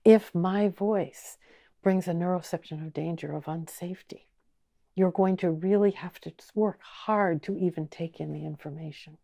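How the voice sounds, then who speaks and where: Low, gravelly-voiced woman teacher. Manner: gentle, slow, inviting, many questions. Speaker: online course teacher. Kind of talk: guided teaching talk.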